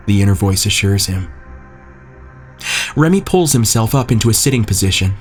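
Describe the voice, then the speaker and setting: A man narrating a scripted horror story in a measured, tense way. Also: lowish voice, lively intonation, soft background music.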